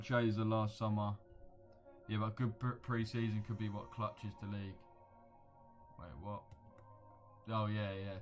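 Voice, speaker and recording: This young man hosts a livestream, chatting casually and reacting to viewer comments with blunt, slangy banter. His voice sits in the mid-range with a slightly bright quality.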